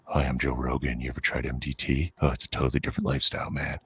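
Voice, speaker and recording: A man putting on a drawling, low, spaced-out podcast host. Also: flat delivery, rapid-fire, a bit bright, husky, full character voice. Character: drawling, laid-back male podcast host spouting conspiracy talk.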